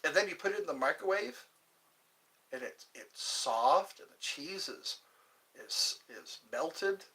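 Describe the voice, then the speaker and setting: An older man hosting a livestream, rambling casually and joking to himself in a slow, meandering way. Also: fairly high pitch, animated, sharp tone, rough recording. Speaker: livestream host.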